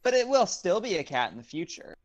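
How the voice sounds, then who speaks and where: A woman's voice: fairly low pitch, big pitch swings, brisk, dull audio. Playful, laughing woman stream host. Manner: playful, self-mocking, laughs often. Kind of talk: casual chat.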